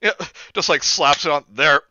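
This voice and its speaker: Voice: medium pitch, moderate pace, pushed and bright, dull audio, a little hiss or hum. A stream host reading a bad book aloud and mocking it sarcastically, laughing often. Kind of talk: mocking read-along chat.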